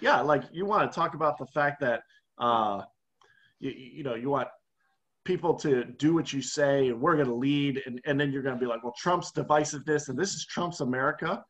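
A man's voice: mid-range voice, moderate pace, fairly bright tone. A man co-hosting a casual podcast, ranting heatedly with a sarcastic edge. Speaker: podcast co-host. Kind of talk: heated casual political chat.

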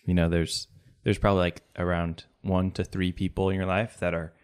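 A young man with a deep, low voice talks in a relaxed podcast chat. He thinks out loud, circling back and restarting as he sorts his ideas, with a joking streak. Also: brisk, clean tone. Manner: reflective, joking. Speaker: podcast co-host. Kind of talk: casual chat.

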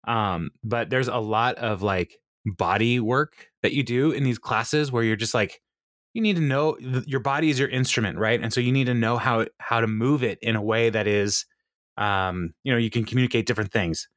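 A man co-hosting a podcast recaps a TV episode in casual conversation, laughing often as he retells scenes. His mid-range voice moves at normal speed with a slightly bright tone. The studio recording is clean, with no echo.

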